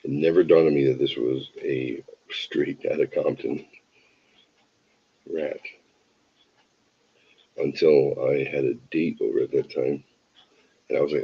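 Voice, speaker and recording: A man's voice: very deep voice, measured pace, vocal fry, pauses often, breathy edge, lo-fi sound. A tired man hosting a show, telling a rambling, wry, self-deprecating anecdote full of digressions. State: tired from an early start. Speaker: show host. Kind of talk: casual anecdote storytelling.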